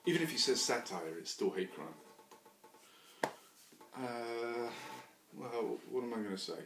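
A man rambling through a crude, joking solo monologue as a podcast host, swinging into loud bursts of mock bravado. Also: mid-range voice, lively intonation, unhurried, vocal fry, background noise.

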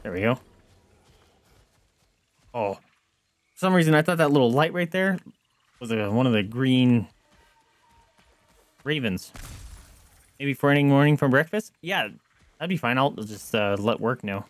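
A young man streaming a game, chatting casually to viewers in a rambling way, with excited yelps and outbursts. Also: mid-range voice, unhurried, long pauses, dry recording. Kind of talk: casual gameplay chat to viewers.

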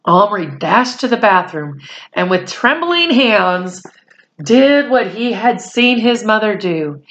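A woman's voice: mid-range voice, big pitch swings, takes it slowly, fairly bright tone, highs cut off. A woman reading a children's novel aloud, who corrects small slips and stops to explain words. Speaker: storyteller.

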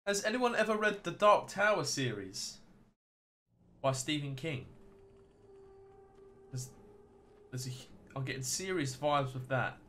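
A man's voice: on the high side, expressive, a little slow, long pauses, a bit bright, a little hiss or hum. An American man streaming a game live, chatting casually and rambling to his viewers. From United States.

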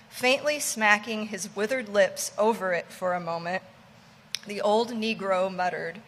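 A woman reading a classic novel aloud in a measured, plain narrating voice. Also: medium pitch, a bit bright, in a large hall. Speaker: reader.

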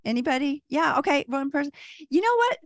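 Lively older woman doing stand-up. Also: sits high, a little fast, dry recording. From Texas. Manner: lively, self-deprecating, puts on voices for quoted people. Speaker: stand-up comedian. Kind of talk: stand-up comedy set.

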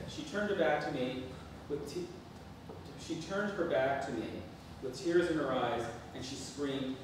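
A man reading a memoir piece aloud at a spoken-word event in an art gallery, with a dry, deadpan storytelling manner. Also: medium pitch, moderate pace. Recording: echoey hall, far mic, noisy.

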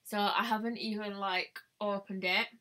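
A woman's voice: mid-range voice, fairly even intonation, moderate pace, pushed and bright. A woman chatting bubbly on a live stream, greeting viewers by name, recorded on a webcam at home. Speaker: beauty vlogger. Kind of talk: live-stream casual chat.

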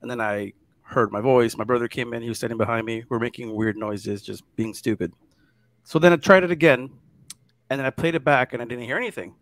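A man telling a ghost story in casual chat, animated and dropping to hushed tones at the scary parts. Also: medium pitch, fairly quick, dry recording. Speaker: guest storyteller.

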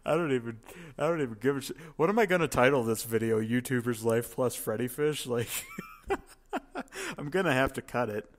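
Profane, excitable game-commentary guy. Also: mid-range voice, moderate pace, a little hiss or hum. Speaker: let's play host.

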